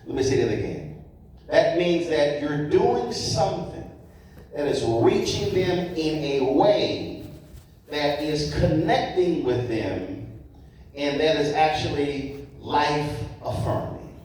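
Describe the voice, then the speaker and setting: A man speaking to a conference audience, telling stories slowly and stressing key points, recorded from afar in a large hall. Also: fairly high pitch, animated, a little mellow, a little hiss or hum. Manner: slow, emphatic, repeats key points. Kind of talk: storytelling talk to an audience. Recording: echoey hall from far off, faint ambience.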